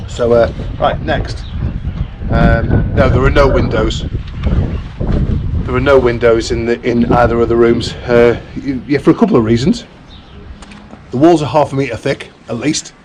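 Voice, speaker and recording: A fifty-something man chats to camera in a relaxed vlog, full of slang, mumbling and letting his sentences trail off. His voice sits at an ordinary middle pitch. There is a faint hum of noise behind him, with now and then a vehicle going by. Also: moderate pace. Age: 50s. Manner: mumbling, tails off at ends, chatty with slang. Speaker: vlogger. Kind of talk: casual chat to camera. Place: farmhouse under renovation in the countryside.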